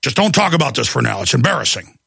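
A man impersonating a gruff, furious middle-aged man who grumbles low and clipped in a controlled rage. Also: sing-song, fast talker, pushed and bright, no room sound, clean studio sound, full character voice. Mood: seething.

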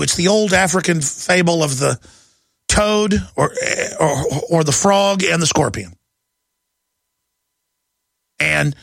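A man's voice: fairly high pitch, vocal fry, fairly bright tone, no room sound. A middle-aged man hosting a talk radio show, ranting fervently in a rising, impassioned monologue.

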